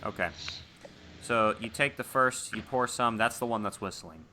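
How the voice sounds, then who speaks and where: A man running a tabletop horror game as game master, relaxed, often asking the players what they do. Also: on the low side, moderate pace, a little hiss or hum. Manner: relaxed, asks players questions, fillers.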